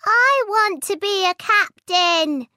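Storybook role: woman voicing tiny eager boy dinosaur, very high and bright, squeaky and earnest, drawn-out lines. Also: animated, no room sound, clean studio sound, full character voice.

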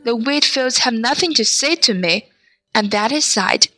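A woman voicing a wise, lonely male fox who longs to be tamed, speaking gently and earnestly in a storybook reading. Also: a little high, lively intonation, moderate pace, soft background music. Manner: gentle, earnest, explaining patiently.

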